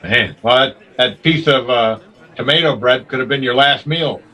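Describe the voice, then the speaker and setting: Husky man host, distant from the mic. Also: medium pitch, normal speed, pushed and bright. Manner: chatty, laughs along, asks follow-up questions. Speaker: interviewer, host. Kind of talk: casual interview.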